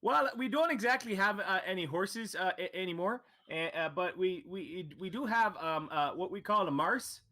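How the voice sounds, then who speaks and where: A man's voice: high-pitched, expressive, normal speed, hardly any pauses, pushed and bright, pitched above the performer's own voice. A man voicing a chatty, friendly male shopkeeper who rambles and keeps tagging his lines with "eh". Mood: folksy. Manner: folksy, rambling, tags lines with "eh".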